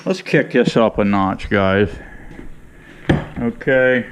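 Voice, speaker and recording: Speaking slowly in a lowish voice over background noise, a Michigan man who vlogs about beekeeping talks casually to his audience. He stands outdoors in the hot sun, rambling folksily as he mixes tea ahead of tending his bees.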